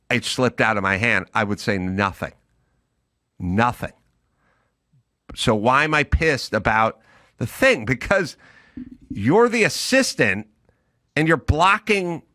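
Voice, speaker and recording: A man's voice: mid-range voice, bright, forceful tone, dry recording, studio quality. A middle-aged man co-hosting a podcast, telling stories in an emphatic, ranting way. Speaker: podcast co-host. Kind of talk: casual chat.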